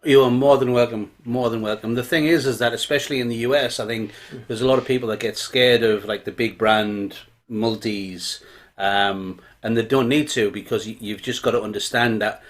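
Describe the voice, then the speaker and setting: A man co-hosting a live chat, relaxed and encouraging as he gives business advice. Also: on the low side, moderate pace. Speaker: co-host. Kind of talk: casual chat on a live show.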